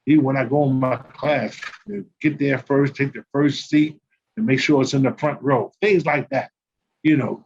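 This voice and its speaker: A man's voice: on the high side, slight background noise. An older man from New Jersey, a former pro basketball player and coach, telling his grievances as a guest in an emphatic, repetitive, aggrieved way. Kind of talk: heated guest monologue. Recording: dull lo-fi call audio.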